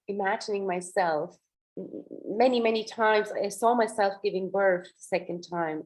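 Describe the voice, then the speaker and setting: An earnest woman in her thirties tells a personal story at a mid pitch, in halting bursts. She often restarts and repeats words while she searches for them. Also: darkish tone, rough recording. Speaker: doula, guest. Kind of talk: personal birth story in a podcast interview.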